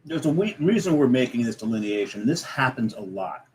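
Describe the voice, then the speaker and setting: A man's voice: mid-range voice, sing-song, brisk, a little mellow, slight background noise, low-quality recording. A man co-hosting a casual talk show who explains things at length in a methodical way. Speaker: co-host. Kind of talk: casual chat.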